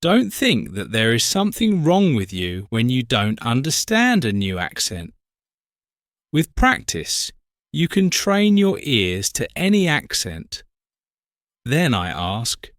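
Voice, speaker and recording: Male narrator for learner stories: slow, clear, lively pitch, dry recording. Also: dry recording. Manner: slow, clear, simple sentences. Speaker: story narrator. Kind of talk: graded-reader story narration for learners.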